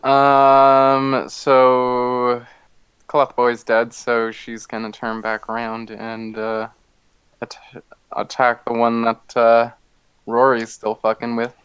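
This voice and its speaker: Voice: medium pitch, completely flat delivery, slow pace, a bit bright, clean tone, no room sound. A player in a tabletop game, laid-back and giggly. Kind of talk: casual game talk.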